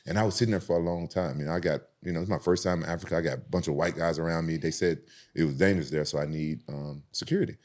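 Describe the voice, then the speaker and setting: Fast-talking deep-voiced man. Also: steady tone, darkish tone. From Southern United States. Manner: rambling, profane, with frequent restarts. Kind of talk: casual storytelling.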